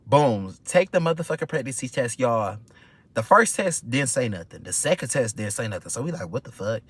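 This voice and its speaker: A man telling a storytime vlog in an animated, gossipy way and swearing freely. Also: medium pitch, fairly quick, breathy edge. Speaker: vlog host.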